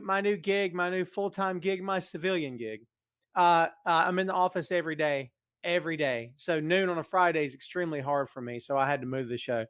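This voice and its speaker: A man's voice: a little high, fairly bright tone, clear, resonant tone, no room sound, clean studio sound. A middle-aged man hosting a live stream, greeting viewers by name and teasing them, then speaking earnestly. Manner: serious, earnest appeal. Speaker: podcast host. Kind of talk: casual live-stream chat. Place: large empty building. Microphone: in front of a camera.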